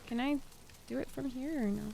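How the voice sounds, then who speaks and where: A woman's voice: high-pitched, fairly quick, gravelly, very noisy. A young woman streaming a video game, chatting playfully with viewers and swearing freely. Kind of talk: casual gaming commentary.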